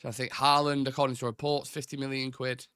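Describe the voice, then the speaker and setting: A man's voice: mid-range voice, flat delivery, quick pace, fairly bright tone, clean tone, no echo, clean studio sound. Chatty man hosting a live show. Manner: chatty, reads out chat comments, restarts and fillers. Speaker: host of a live football fan show. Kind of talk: casual live-stream chat.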